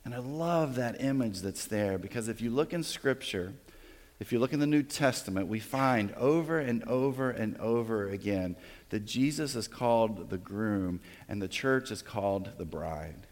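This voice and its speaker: A man preaches a sermon in a church sanctuary, his voice carrying a long reverb through the hall. He is animated, swelling loud through his stories and dropping low and soft on the lines he wants to land. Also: normal speed. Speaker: pastor.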